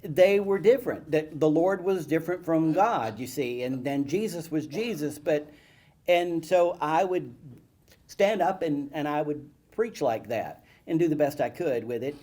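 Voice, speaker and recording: A man telling childhood stories to an audience, animated and self-mocking. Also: a little high, a little slow. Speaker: guest speaker. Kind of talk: storytelling talk to an audience. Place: event hall with live audience.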